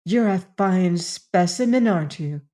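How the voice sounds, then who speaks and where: A young woman with a bitter, emotional edge talks slowly and haltingly, read by a woman narrator. She sounds ashamed and close to tears. This is an audiobook character voice. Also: a little high, a little mellow, pitched above the performer's own voice, lightly acted.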